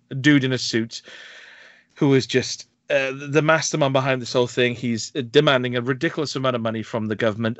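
A man on a podcast tells a film's plot with lively, animated energy and acts out the characters as he goes. His voice sits in a middle register. The recording is dry and close, with a slightly muffled, lo-fi top end. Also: mid-range voice, no echo. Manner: animated storytelling, acts out quoted lines, laughs often. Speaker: podcast host reviewing films. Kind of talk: casual film review chat.

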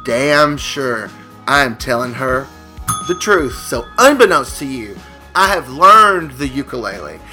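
A man co-hosting a comedy podcast, riffing on improvised scenarios with playful, drawn-out storytelling. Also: big pitch swings, bright, forceful tone, faint music behind. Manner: playful, drawn-out storytelling with sudden jumps in pitch. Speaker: podcast co-host.

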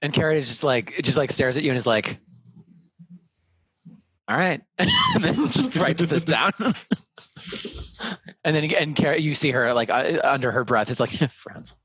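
A man's voice: a little high, huge pitch swings, moderate pace, fairly bright tone, breathy edge. A man narrating as game master of a tabletop game, laughing often as he describes the scene.

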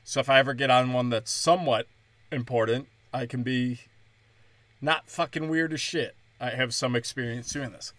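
A man's voice: mid-range voice, fairly even intonation, moderate pace, a bit bright, dry recording. A man hosting his own comedy podcast, talking casually and rambling with frequent swearing from a small closet. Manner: rambling, profane, conversational. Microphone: headphones and studio mic.

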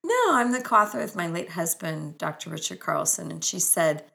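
Woman author, earnest spiritual storyteller, lowish voice with a gravelly fry. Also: lively intonation, moderate pace, few pauses. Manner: warm, earnest and spiritual, with gushing exclamations. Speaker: author and speaker. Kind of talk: inspirational personal storytelling.

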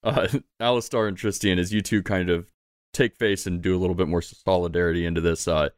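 An easygoing game master with a low voice, narrating scenes and calling for dice rolls. He laughs often, and the sound is dry and close, with no room around it. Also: steady tone, a little fast, no echo.

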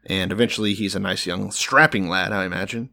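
A man with a low voice retells a scripture story in a loose, casual way on a podcast. He drops dry jokes and slips into silly voices for the people in the story. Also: brisk, vocal fry, pushed and bright, dry recording. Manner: dry, joking paraphrase. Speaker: podcast co-host.

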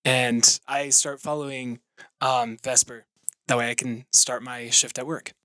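A young man playing a tabletop game, hesitant and deadpan. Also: medium pitch, unhurried, no room sound. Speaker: player. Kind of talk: tabletop role-play.

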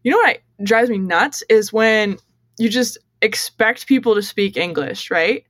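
A woman from the United States, a hockey player, talking as a podcast guest in a relaxed, chatty way full of "you know" fillers. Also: medium pitch, measured pace, no room sound. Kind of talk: casual podcast interview.

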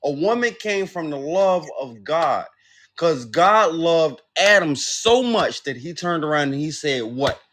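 A man guest-hosting a podcast, making his points slowly and deliberately in a preacher-like way during a heated casual debate. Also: fairly high pitch, lively intonation, fairly bright tone. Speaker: guest host.

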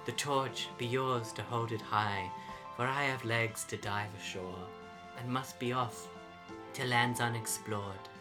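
A man's voice: medium pitch, fairly even intonation, lightly acted. A man playing Spooky, a mumbling furry poet. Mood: solemn. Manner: mumbling, halting with ums, then panicked yelling. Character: Spooky, furry creature poet on the run, melodramatic. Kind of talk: improvised comedy radio sketch. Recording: music playing behind.

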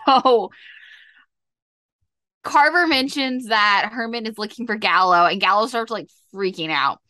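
Young woman podcaster gushing over a tv episode, says like a lot, bright tone. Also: mid-range voice, a little slow, dry recording, studio quality. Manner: chatty, acts out quotes, lots of "like". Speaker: podcast co-host. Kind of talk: casual TV episode recap.

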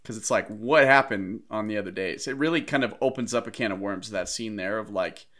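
A man co-hosts a podcast, casually talking through a film and picking apart its plot details. His voice is lowish, a bit bright, and a little fast.

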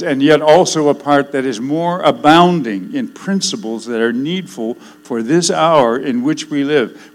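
An older man preaching a sermon, swinging between loud declarations and hushed, solemn passages. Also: medium pitch, rough recording.

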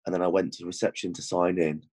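A British man co-hosting a casual podcast chat, talking quietly from a hotel room in the early hours. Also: low-pitched, flat delivery, fast talker. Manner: hushed, keeping quiet at 4am. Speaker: podcast co-host.

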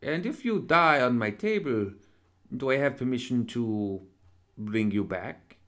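A man voicing a genteel, pompous male professor who teaches undeath and operates as a surgeon, speaking in a courtly, excitable manner. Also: mid-range voice, measured pace, pitched above the performer's own voice. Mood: relishing. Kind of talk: audiobook character reading.

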